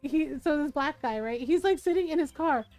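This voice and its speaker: A woman's voice: high voice, fairly quick, darkish tone, faint music behind. A woman in her thirties chatting casually while streaming a game, giggling and humming to herself.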